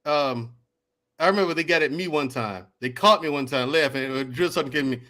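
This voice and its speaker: Bright-voiced man swapping army stories. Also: fairly high pitch, a little fast. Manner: animated, laughing storyteller. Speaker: podcast guest, army veteran. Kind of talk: casual podcast chat.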